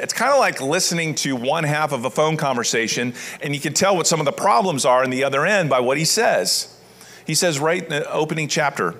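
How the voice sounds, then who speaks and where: Bright-voiced man preaching conversationally. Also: fairly high pitch. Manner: conversational preaching, reads scripture then explains it plainly. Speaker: pastor. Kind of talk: sermon.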